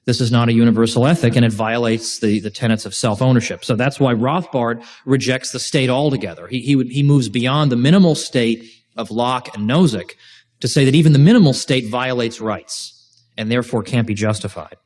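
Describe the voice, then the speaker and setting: In a lecture room with a live class, a man hosts an informal university-style lecture, animated and full of joking asides, often restarting his sentences. His voice is medium-pitched, fairly quick and darkish in tone.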